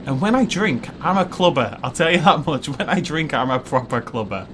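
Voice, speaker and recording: A man's voice: on the high side, expressive, a little fast, fairly bright tone, a little hiss or hum. A young man from Wales, hosting a casual let's-play, rambling and joking with frequent laughs. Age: young adult. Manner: rambling and jokey, laughs often. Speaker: gaming video host.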